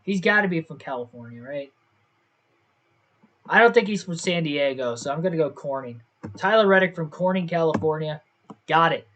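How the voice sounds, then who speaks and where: Young male gaming streamer, casual and self-doubting, a bit higher-pitched than most men, on a desk mic. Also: lively intonation, moderate pace, pauses often, fairly bright tone, highs cut off. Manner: thinks aloud, second-guesses himself. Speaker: gaming livestreamer. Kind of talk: casual livestream commentary.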